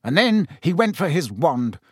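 A man's voice: on the high side, sing-song, normal speed, slightly rough, no room sound, clean studio sound, voice pushed up. Self-important official, middle-aged man read by the narrator, pompous, slightly raised voice. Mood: grave.

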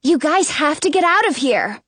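A woman's voice: high voice, very animated, normal speed, a bit bright, no echo, pitched above the performer's own voice. A woman reading aloud, voicing Cinderella as a sly young woman with a sweetly mocking edge.

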